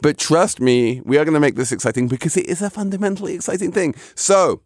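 A man's voice: fairly high pitch, fast talker, no room sound, clean studio sound. A man hosting a casual podcast chat, wry and self-deprecating, rambling with frequent restarts. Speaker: podcast host.

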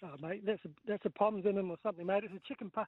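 A high-pitched man with a New Zealand accent calls in from outdoors on his mobile. He talks in a quick, blokey, chatty way, and his voice comes through a thin, tinny phone line with no room around it. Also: steady tone, no room sound. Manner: chatty, blokey, says mate a lot. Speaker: caller. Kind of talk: casual phone-in chat. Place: outdoors on a golf course.

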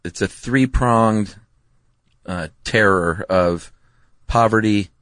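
Low voiced guy on a podcast, easygoing, explains stuff plain, dry close sound. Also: slow pace, a bit bright, dry recording. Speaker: podcast co-host. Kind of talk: casual chat.

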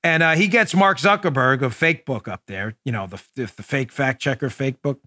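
A man's voice: medium pitch, normal speed, pushed and bright, no echo, clean studio sound. A man from New York hosting a political podcast, delivering a combative, sarcastic opinion monologue. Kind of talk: opinionated talk show monologue.

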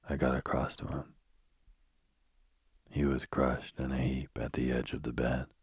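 A man narrating a ghost story aloud in a hushed, often whispered delivery. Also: no room sound. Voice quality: very deep, husky voice.

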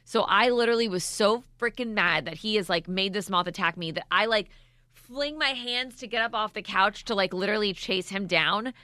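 A woman in her thirties chats on a podcast as co-host, telling a story with lots of energy and acting out the lines people said. Her voice is bright and forward. The sound is dry and close. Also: mid-range voice, moderate pace, dry recording. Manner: animated storytelling, swears, acts out quotes. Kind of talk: casual chat.

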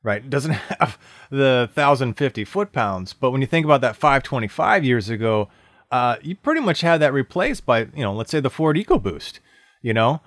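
Enthusiastic middle-aged car-podcast co-host. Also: male voice, mid-range voice, moderate pace, no room sound, clean studio sound. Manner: enthusiastic, animated, with many "you know" fillers. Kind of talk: casual car podcast chat.

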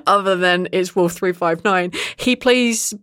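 A woman, a dungeon master, chatting casually on a podcast, animated and laughing often. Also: fairly low pitch, measured pace, smooth, no room sound, clean studio sound.

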